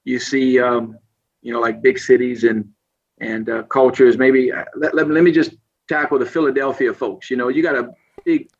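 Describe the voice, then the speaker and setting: A man's voice: medium pitch, fairly even intonation, normal speed, husky, muffled recording. A man from South Louisiana with a Cajun accent, a podcast guest telling stories in a folksy, casual way, laughing often and acting out other people's voices. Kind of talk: casual storytelling.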